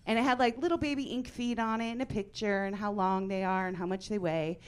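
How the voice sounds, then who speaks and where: A woman in her forties performing a stand-up comedy set in a club, brash and deadpan, acting out the people she quotes. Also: mid-range voice, brisk, clean tone.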